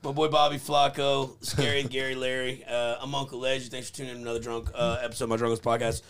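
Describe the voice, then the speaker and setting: A man's voice: mid-range voice, little pitch movement, fast. A man hosting a podcast, talking in a laid-back, loose way. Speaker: podcast host. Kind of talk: casual podcast chat. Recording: loud crowd chatter behind.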